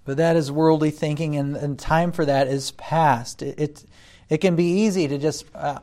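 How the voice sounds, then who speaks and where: A man preaching a sermon, deliberate, rising loud when he quotes scripture and dropping soft between points. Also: on the high side, steady tone. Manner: deliberate, swells loud on scripture then drops quiet.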